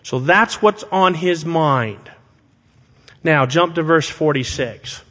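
A man preaching a sermon to his congregation, speaking deliberately and with emphasis and asking rhetorical questions. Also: a little high, bright, forceful tone. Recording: long hall reverb.

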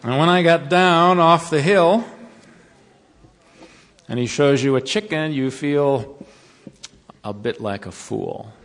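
A man giving a sermon to college students, telling a folksy story and then slowing to earnest counsel. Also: on the high side. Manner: storytelling, turning slow and earnest. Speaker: devotional speaker to college students. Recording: long reverb of a large hall.

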